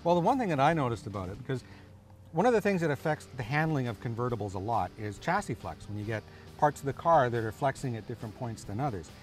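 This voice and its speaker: A man co-hosting a car review show, talking in a lively, playful way. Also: mid-range voice, fast talker, soft background music.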